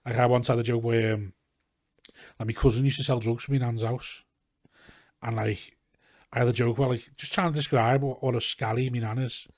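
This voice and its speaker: A man's voice: mid-range voice, steady tone, fairly quick, long pauses, darkish tone, no echo, clean studio sound. Scouse man telling rambling stories. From Liverpool, England. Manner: rambling anecdotal storytelling, acting out quotes, frequent swearing. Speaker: comedian guest. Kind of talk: casual podcast chat. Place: garage.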